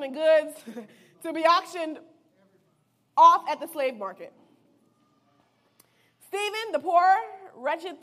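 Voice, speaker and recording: A woman's voice: extremely high pitch, a bit bright. A woman giving a casual, playful sermon, reading scripture and retelling it in slang. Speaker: preacher.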